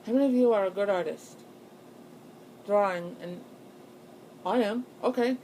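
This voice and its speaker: A woman's voice: medium pitch, moderate pace, warm tone, poor audio. Young woman, casual storytelling, rambling, fillers, faint background noise. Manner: rambling, breathless ghost-story telling with many fillers. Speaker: channel host.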